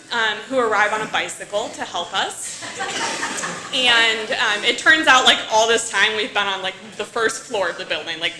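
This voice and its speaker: A young woman tells a personal story at a live story slam, chatty and self-mocking. Her voice is bright and fairly high. The sound carries the echo of the venue. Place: stage at a live event.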